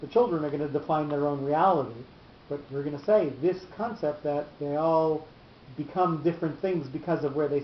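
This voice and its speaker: A man teaching a cantillation class, explaining slowly with long pauses. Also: a little high, a little hiss or hum. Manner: patient, explanatory, drawn-out pauses. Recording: echoey room, muffled lo-fi sound.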